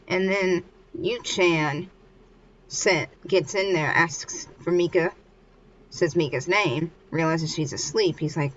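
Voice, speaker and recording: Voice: mid-range voice, slow pace, fairly bright tone. A vlogger casually retelling a comic chapter, rambling loosely with lots of filler and restarts. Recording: muffled with faint hiss.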